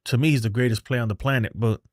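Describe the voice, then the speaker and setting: A man's voice: medium pitch, fairly even intonation, quick pace, dry recording, studio quality. A man hosting a baseball fan show, ranting heatedly on a livestream and reading chat messages, exasperated, profane, and often repeating himself.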